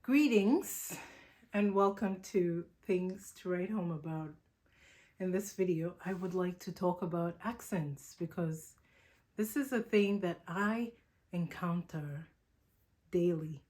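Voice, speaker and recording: A woman from Uganda speaks in a Ugandan accent that has shifted toward American. She talks slowly and deliberately, in a reflective vlog monologue with playful asides. Her voice sits fairly low. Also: dark tone. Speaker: vlogger, channel host.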